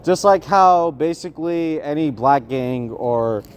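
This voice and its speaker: Young man, rambling street rant, agitated, loud then muttering, faint city noise. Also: fairly high pitch, expressive, a little slow. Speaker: vlogger.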